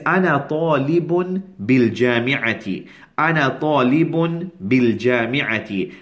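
A man teaching an Arabic lesson to a class, patient and repeating each phrase slowly. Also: medium pitch.

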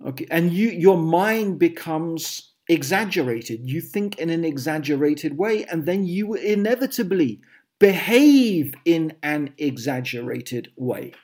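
A man's voice: a little high, lively intonation, a little slow, a little mellow. A man giving a sermon, dramatic and emphatic, reeling off lists of exaggerated phrases. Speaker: Muslim preacher. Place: England.

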